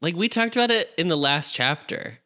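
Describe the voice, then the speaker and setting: A man co-hosting a casual podcast, chiming in with quick, nitpicking asides about a book and laughing often. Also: a little high, expressive, bright, forceful tone. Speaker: podcast co-host. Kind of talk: casual book-discussion chat.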